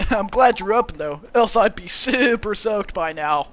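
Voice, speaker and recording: Guy putting on a mellow californian goat dude, high voice, bleaty drawl, tiny bit of hiss. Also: expressive, slow, full character voice. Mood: breezy. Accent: put-on Californian. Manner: upbeat, easygoing slang. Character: laid-back young male satyr surfer dude.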